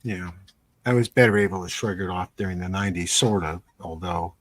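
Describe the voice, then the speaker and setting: A man hosting a live stream interview over a video call, talking in a relaxed way with many fillers. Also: low voice, brisk. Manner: relaxed, thankful sign-off with fillers. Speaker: host.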